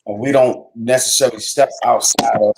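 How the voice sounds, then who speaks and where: Male host and writing coach, mid-pitched, relaxed, emphatic. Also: brisk, low-quality recording. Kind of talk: casual chat.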